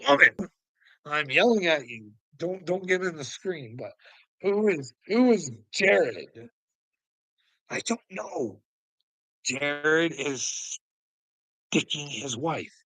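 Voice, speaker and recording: A man's voice: fairly high pitch, big pitch swings, slow pace, pauses often, sharp tone, no room sound, rough recording. A man delivering a profane, taunting rant to the camera, often breaking into laughter. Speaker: online commentator. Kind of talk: ranting monologue to camera.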